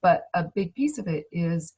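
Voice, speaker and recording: Soft-spoken woman teaching over a video call. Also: on the low side, expressive, normal speed, breathy edge. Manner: gentle, reassuring, thinks aloud with restarts. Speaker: speaker on emotions and manifestation.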